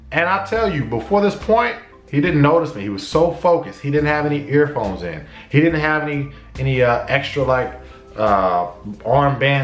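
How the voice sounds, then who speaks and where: A man casually telling a personal story to camera, acting out his own shouts and conversations. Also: mid-range voice, echoey room. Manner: animated, acts out his own shouts and dialogue. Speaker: vlogger.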